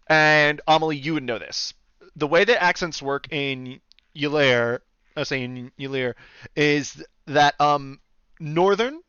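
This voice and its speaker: A man running a tabletop game, chatting out of character to his players in an animated, chatty way with plenty of fillers. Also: a little high, clear, resonant tone, no room sound, muffled recording. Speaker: game master.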